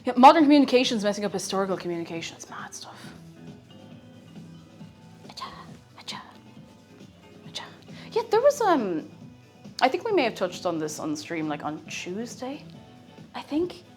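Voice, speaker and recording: A woman's voice: mid-range voice, big pitch swings, brisk. A young woman streamer chatting casually and rambling while she cooks, with frequent exclamations. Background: faint music.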